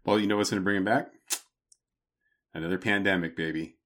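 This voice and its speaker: A man with a deep, low voice trades casual banter on a podcast. He keeps it loose and jokey, wandering into pop-culture tangents. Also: fairly even intonation, fairly quick, fairly bright tone. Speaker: podcast co-host.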